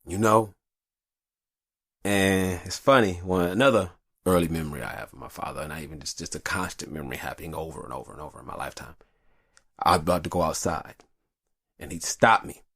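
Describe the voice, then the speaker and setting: Deep gravelly man, animated monologue. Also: a little fast, pauses often, no echo, clean studio sound. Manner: profane, rambling and confessional. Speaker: podcast host. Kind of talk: casual monologue. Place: hot upstairs room.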